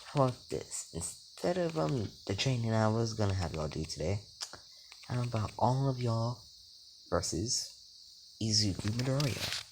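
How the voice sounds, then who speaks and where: A man's voice: fairly low pitch, animated, measured pace. A young man voicing a confident adult male hero teacher, speaking casually and offhand over a noisy home mic.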